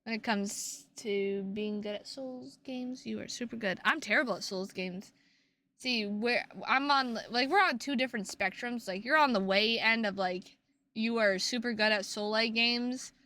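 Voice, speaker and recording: A woman's voice: a little high, normal speed, sharp tone. A woman streaming and chatting casually with her viewers, playful and teasing, with plenty of swearing.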